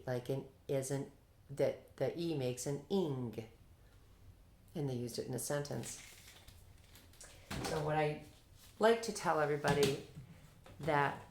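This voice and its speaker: A woman with a low voice walks teachers through a reading lesson. She speaks in an upbeat, encouraging way and gives lots of praise. The room sounds echoey around her. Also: a little mellow, slight background noise. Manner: upbeat, praising, demonstrates student answers. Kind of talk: instructional explanation to teachers.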